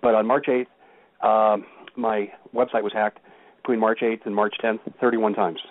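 A man's voice: fairly low pitch, little pitch movement, moderate pace, no room sound. A man speaking as a guest on a call-in talk show, telling stories with emphasis. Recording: tinny phone line.

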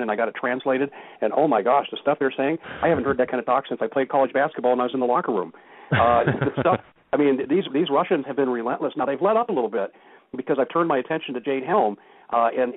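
A man's voice: medium pitch, no room sound. A man speaking as a guest on a call-in talk show, telling stories with emphasis. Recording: tinny phone line.

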